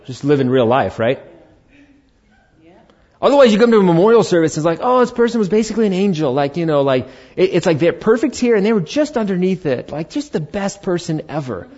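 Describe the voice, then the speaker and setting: Lively middle-aged pastor telling a story. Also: male voice, a little high. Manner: animated, conversational, acts out dialogue. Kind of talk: personal story in a sermon. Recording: dull lo-fi recording.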